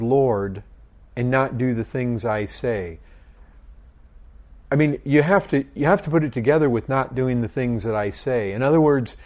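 A man's voice: medium pitch, darkish tone. A middle-aged man leading a group Bible study, asking questions and often repeating his words. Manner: slow, questioning, repeats phrases.

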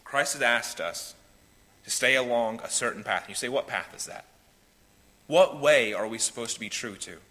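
A man preaching a sermon as pastor, swinging between loud pleading and hushed, quiet lines. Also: mid-range voice, moderate pace. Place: church sanctuary. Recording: reverberant hall with faint noise.

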